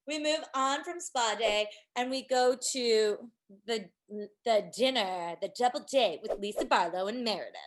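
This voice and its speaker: A woman's voice: on the high side, slow, fairly bright tone. A woman co-hosting a casual podcast recap, laughing often and acting out quotes. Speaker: podcast co-host.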